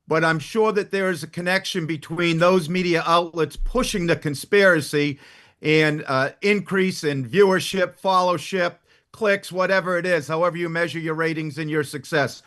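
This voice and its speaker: A man's voice: fairly high pitch, sharp tone. Assertive Boston lawyer man. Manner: firm, assertive, methodical. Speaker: criminal defense attorney. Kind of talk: arguing a legal case.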